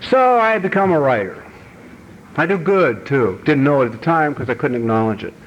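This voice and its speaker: A man's voice: on the high side, sing-song, brisk. American man telling blunt recovery stories. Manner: storytelling, acts out voices, swings from quiet asides to loud shouted outbursts; blunt, rough-edged language. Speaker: AA speaker. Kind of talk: recovery meeting talk. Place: banquet hall. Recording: dull archival banquet recording with faint hiss.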